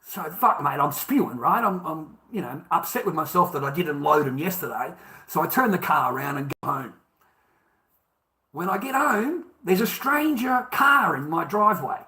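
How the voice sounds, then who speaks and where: Casual Australian bloke with a slightly high voice, telling a story in a crude, emphatic rant. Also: male voice, animated, normal speed, pushed and bright. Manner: profane, emphatic, repeats for emphasis.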